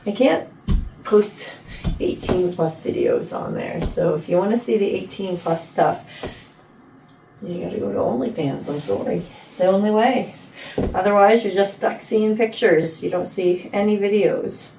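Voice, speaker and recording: A woman's voice: medium pitch, big pitch swings, a little slow, creaky, dark tone. Canadian woman vlogger, casual rambling chat, filmed from across a roomy space. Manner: chatty, playful, rambling asides. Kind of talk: casual chat while trying on clothes. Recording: roomy, distant, faint room noise.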